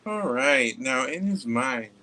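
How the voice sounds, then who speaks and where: A middle-aged man reads tarot cards to his viewers at an unhurried pace, in a sharp, very bright voice. He leans hard on key words, then trails off and starts his sentences over. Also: mid-range voice, expressive, low-quality recording. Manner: emphatic, halting with restarts. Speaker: tarot reader. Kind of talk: tarot reading to camera.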